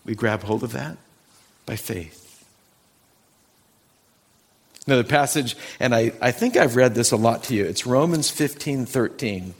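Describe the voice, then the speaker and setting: A man, a pastor, preaching a Sunday morning sermon, talking to his congregation and slowing down to read scripture with emphasis. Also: medium pitch, animated, slightly rough. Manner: earnest, conversational preaching with slow emphatic scripture reading. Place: church sanctuary.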